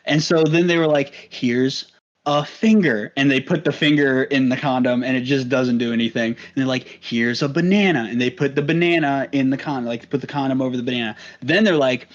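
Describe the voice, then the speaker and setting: A man's voice: medium pitch, quick pace, hardly any pauses. A young man co-hosting a podcast, telling crude stories in casual chat and swearing often. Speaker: podcast co-host. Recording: muffled lo-fi mic.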